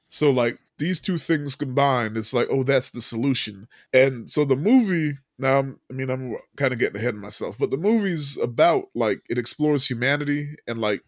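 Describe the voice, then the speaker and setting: A podcast host recaps a movie in a loose, casual style packed with fillers and frequent laughter. His mid-range voice has lively intonation and a moderate pace with hardly any pauses, in a dry, studio-quality recording.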